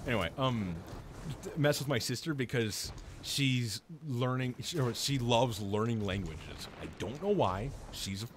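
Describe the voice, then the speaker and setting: A young man streaming a video game, rambling chattily with lots of fillers and restarts, and breaking into excited high yelps when something happens in play. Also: unhurried. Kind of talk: live gameplay commentary. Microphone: headset-style desk mic, headphones off. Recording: noisy game stream audio.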